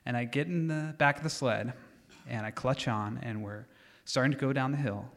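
A man telling a comic personal story live on stage at a storytelling event, animated and getting louder as it builds. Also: medium pitch, normal speed, creaky. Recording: long hall reverb from a live venue.

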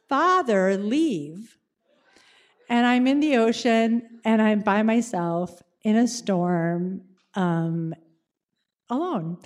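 A woman telling a personal story to an audience, animated and dramatic, slowing down for suspense. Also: medium pitch.

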